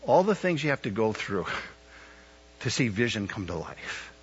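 A man in his fifties, a pastor, preaching a sermon at a church service, swelling into loud emphatic peaks and putting questions to the congregation. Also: fairly low pitch, big pitch swings, moderate pace, breathy edge. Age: 50s. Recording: dull lo-fi sound.

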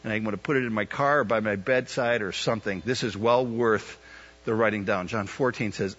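A male pastor in his fifties delivers a sermon, his husky voice climbing into loud, emphatic peaks as he questions his listeners. The recording is dull and muffled, with the top end rolled off. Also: lowish voice, fairly quick. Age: 50s. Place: church service. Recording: dull lo-fi sound.

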